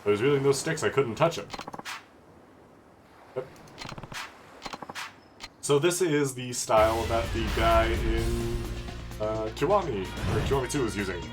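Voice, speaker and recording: Streamer, male, wry and profane, mid-pitched, game music under him. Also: unhurried, pauses often. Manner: wry, joking, swears casually. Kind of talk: casual gameplay commentary.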